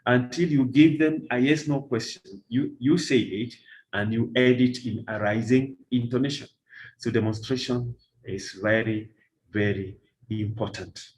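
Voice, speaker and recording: Slow, deliberate male teacher trainer. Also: medium pitch, fairly even intonation, darkish tone, low-quality recording. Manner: slow, deliberate, repeats key phrases for emphasis. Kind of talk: workshop lecture with slides.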